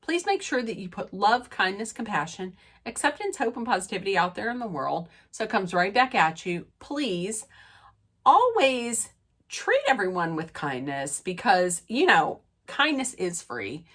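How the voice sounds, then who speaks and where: A woman's voice: medium pitch, very animated, a little slow, a bit bright. Chatty, stuffy-nosed woman recapping reality TV. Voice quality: nasal. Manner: chatty, rambling with many fillers and restarts. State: stuffy, draining sinuses. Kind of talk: casual recap and rant.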